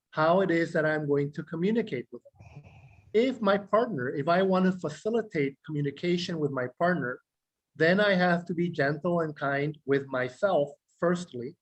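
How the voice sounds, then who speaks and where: A man, a clinical psychologist, explaining self-regulation to a group in a measured way, listing words slowly and asking questions. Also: a little high, rough recording. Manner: measured, repeats key words in slow lists; speaks directly to listeners, asks rhetorical questions. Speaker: clinical psychologist teaching a meditation class.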